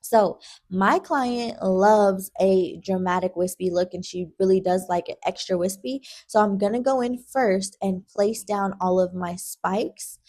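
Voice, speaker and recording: A woman's voice: medium pitch, unhurried, darkish tone. A young adult woman, a lash artist, talking the viewer through a tutorial in a chatty, casual way, calling them girl and checking in with "okay?". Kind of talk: tutorial vlog with casual chat.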